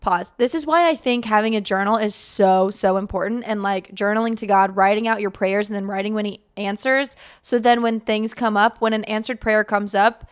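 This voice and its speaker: A woman's voice: mid-range voice, steady tone, moderate pace, few pauses, clean tone. A young woman hosting a faith podcast, talking casually and rambling with lots of fillers, animating her retold thoughts. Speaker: podcast host.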